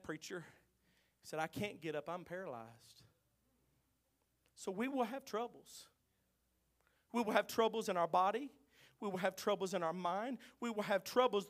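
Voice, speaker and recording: A man preaching in a church, with a very high, bright, ringing voice. He tells folksy stories quietly, then breaks into loud, stretched-out shouts. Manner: swings from quiet storytelling to shouted, drawn-out exclamations. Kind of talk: sermon.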